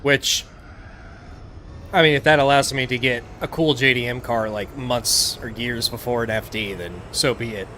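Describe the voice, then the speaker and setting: A man hosting a live game stream, talking casually in a relaxed, rambling way with lots of filler words. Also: mid-range voice, moderate pace, slight background noise. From United States. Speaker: livestream gaming host. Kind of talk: casual live-stream chat while playing.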